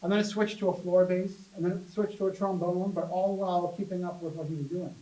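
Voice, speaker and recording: A man giving a casual public talk about ghost hunting as a chatty, animated storyteller who jokes with his audience. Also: high voice, quick pace. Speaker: paranormal investigator giving a talk. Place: public library meeting room. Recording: echoey room, voice from a distance.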